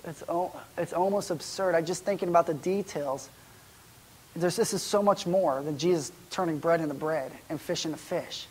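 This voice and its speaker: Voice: mid-range voice, darkish tone, husky. Casual, questioning church preacher. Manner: conversational, wondering aloud with rhetorical questions. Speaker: pastor. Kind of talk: sermon.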